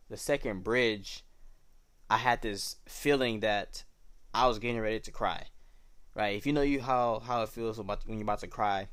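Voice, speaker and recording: A young man hosting a podcast, telling his personal faith testimony in a relaxed, slangy, reflective way. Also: fairly low pitch, clean tone, dry recording. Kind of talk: casual personal storytelling.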